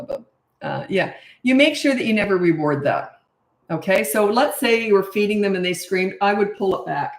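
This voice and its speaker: A middle-aged woman coaching parents in a casual live Q&A, blunt and chatty, laughing at herself. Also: medium pitch. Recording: roomy echo.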